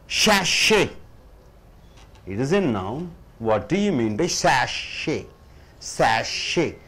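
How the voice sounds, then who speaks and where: A man with an Indian English accent teaching English pronunciation, slowly repeating each word as a drill. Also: a little high. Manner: slow, repeats words for drill, addresses listeners as sir. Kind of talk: classroom lesson.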